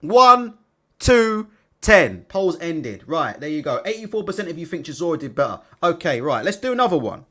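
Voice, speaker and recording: A man's voice: on the high side, big pitch swings, fast talker, few pauses. A man hosting a casual live stream, blunt and sweary, laughing as he reads out chat comments. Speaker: livestream host.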